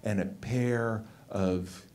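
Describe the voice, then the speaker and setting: A man from Los Angeles telling a comedic story live on stage, animated and excitable, peppering his talk with "like". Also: fairly low pitch, very slow. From Los Angeles, United States. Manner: animated, excitable, heavy use of "like".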